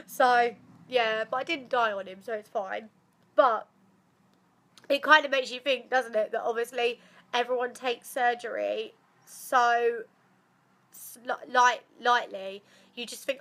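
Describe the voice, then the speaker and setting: A woman's voice: on the high side, measured pace, a bit bright. A young woman chatting casually to camera with a badly blocked nose, swearing freely and laughing often. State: blocked nose after surgery. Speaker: vlogger.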